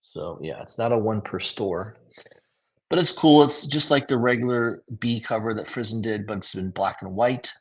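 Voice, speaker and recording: Gravelly, husky man chatting casually. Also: fairly low pitch, moderate pace, a bit bright. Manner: laid-back, rambling, lots of fillers. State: tired, yawning. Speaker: comic book reviewer. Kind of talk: casual livestream commentary.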